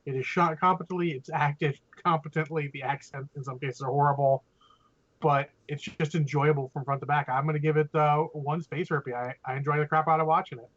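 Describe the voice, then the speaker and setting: A man's voice: a little high, a little fast, lo-fi sound. A man hosting a podcast, chatting casually and jokingly about a movie he watched. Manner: animated, jokey movie reviewing. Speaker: podcast host. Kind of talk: casual chat.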